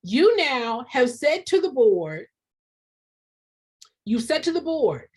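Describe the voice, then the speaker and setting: Fiery high-voiced woman coaching nonprofits. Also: very animated, takes it slowly, husky. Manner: fiery, preachy, often shouting, repeats phrases for emphasis. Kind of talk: passionate live-stream advice talk.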